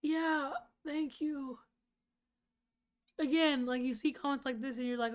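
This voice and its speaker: A woman's voice: high voice, a little slow. A woman streamer reacting to a video with sarcastic, mocking commentary.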